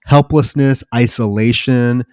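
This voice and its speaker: A man's voice: mid-range voice, fairly even intonation, measured pace, a little mellow, clean tone, no room sound, studio quality. A man co-hosting a film podcast, recounting scenes casually and swearing now and then. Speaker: podcast co-host.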